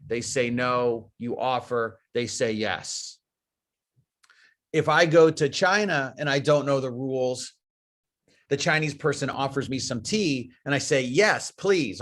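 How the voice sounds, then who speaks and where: A man with an American accent giving a webinar lecture, explaining through step-by-step cultural examples and repeating key phrases. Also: on the high side. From United States. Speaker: guest speaker.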